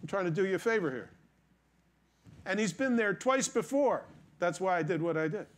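A preacher doing a talking donkey, high and pleading. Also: male voice, lively intonation, moderate pace. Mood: urgent. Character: talking donkey, indignant, good-natured male.

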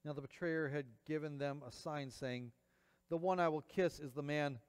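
A man's voice: on the high side, fairly even intonation, normal speed, clear, resonant tone. A man reading scripture aloud and preaching, acting out the quoted lines dramatically. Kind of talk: Bible reading and sermon. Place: church. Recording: long church reverb.

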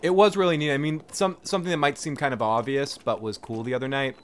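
A man's voice: medium pitch, steady tone, fast talker, slight background noise. Laid-back swearing young gamer guy. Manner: laid-back, profane, rambling. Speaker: gaming channel host. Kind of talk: casual let's play commentary.

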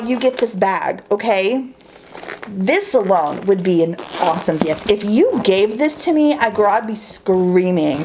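A woman chatting excitedly through a beauty haul, gushing and saying "like" and "y'all" a lot. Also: medium pitch, unhurried, background noise. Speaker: beauty vlogger. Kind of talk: casual haul chat.

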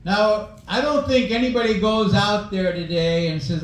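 A man's voice: high voice, moderate pace, few pauses, heavy reverb, rough recording. A male pastor preaching a sermon, mixing scripture reading with folksy personal stories.

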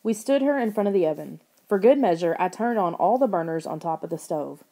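Woman reading a storybook aloud, warm mellow voice, expressive. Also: lowish voice, a little fast. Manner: expressive reading, raises her voice for characters' lines. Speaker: audiobook narrator. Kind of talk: scripted audiobook narration.

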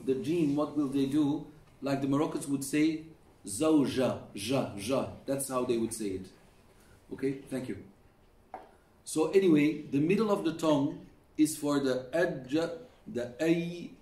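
A man's voice: on the high side, mellow. A middle-aged man teaching Quran recitation in a classroom, patiently demonstrating sounds over and over and coaching his students. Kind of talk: classroom lesson on pronunciation. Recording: echoey room, mic at a distance.

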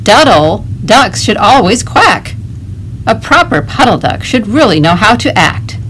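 A bossy male farm bird from a toddler picture book, voiced by a woman reading aloud. He lectures sternly and slowly about how a proper duck should act. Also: mid-range voice, big pitch swings, fairly bright tone, a little hiss or hum, poor audio.

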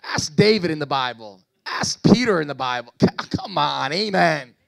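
A man's voice: fairly high pitch, animated, normal speed, gravelly, a bit bright. A man preaching a sermon at a church service as pastor, calling out to the congregation and urging them to respond.

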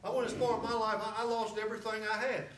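A man preaching a sermon as a guest pastor, fiery and rising to shouts and whoops. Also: high-pitched, level tone, fast talker, a little hiss or hum. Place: church sanctuary. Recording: roomy church from far off.

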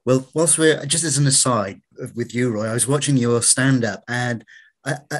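A man interviews guests about a film, polite and a bit halting, filling gaps with ums. His voice sits at a middle pitch. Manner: polite, hesitant, many fillers. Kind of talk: interview questions.

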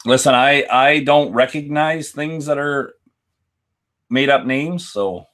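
Guesting on a casual live whisky stream, a man gives dry, deadpan answers and greets viewers by name. He has a mid-range voice and takes it slowly.

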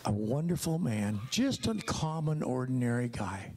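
An older man preaching a sermon testimony in an animated storytelling way, with his voice swinging high and low. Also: measured pace, background noise.

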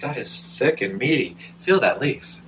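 A man's voice: mid-range voice, a little slow, distant mic, slight background noise, low-quality recording. A man filming a casual plant unboxing vlog at home, gushing and talking straight to the camera. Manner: excitable, gushing, talks to the camera. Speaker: plant vlogger.

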